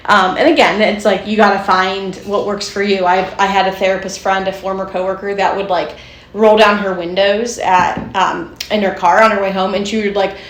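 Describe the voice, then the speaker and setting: A woman's voice: mid-range voice, little pitch movement, normal speed, fairly bright tone. A woman co-hosting a podcast as a therapist, chatty and laughing often in casual conversation. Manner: chatty, laughs often, acts out little quoted voices. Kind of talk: casual chat. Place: enclosed room. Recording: roomy echo with faint background noise.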